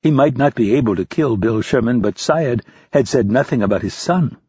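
A man narrates a thriller audiobook with a husky, lively delivery. The recording is dry and close, with a slightly dull, lo-fi tone. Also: mid-range voice, moderate pace, dry recording. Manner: steady, expressive reading.

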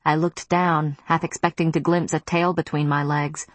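Woman, first-person audiobook narrator, measured, lowish voice, dry close mic. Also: little pitch movement, dry recording.

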